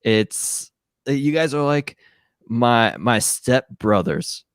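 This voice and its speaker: A man's voice: mid-range voice, animated, slow pace, clean tone, dry recording, studio quality. A man from Minnesota, a guest on a podcast, chatting casually and teasing the hosts. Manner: joking, playful teasing. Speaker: podcast guest, fantasy football analyst.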